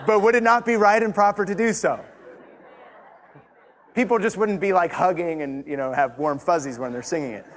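A man preaching a sermon as pastor, emphatic and building in intensity, repeating key lines for effect. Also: high voice. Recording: long hall reverb.

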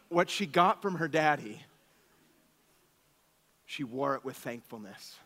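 A man in his thirties, a pastor preaching a sermon, telling stories with animated swings from soft asides to exclamations. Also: medium pitch, takes it slowly, long pauses, long reverb tail, a faint crowd, slight background noise.

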